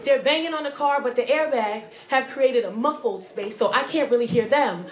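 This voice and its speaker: A woman comedian telling a story on stage in an animated way, acting out the voices and swinging between loud and soft. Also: on the high side, moderate pace, reverberant. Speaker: stand-up comedian. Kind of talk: stand-up storytelling.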